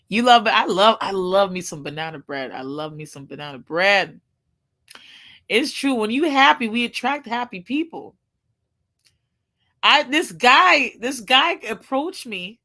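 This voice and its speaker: Bright, gushing woman chatting casually. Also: mid-range voice, a little slow. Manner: animated and expressive, gushing, exclamations; informal slangy speech. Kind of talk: casual chat.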